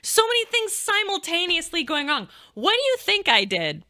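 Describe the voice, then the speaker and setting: A young woman telling a crude, self-mocking story to her viewers in a casual, animated way, often laughing. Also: extremely high pitch, normal speed.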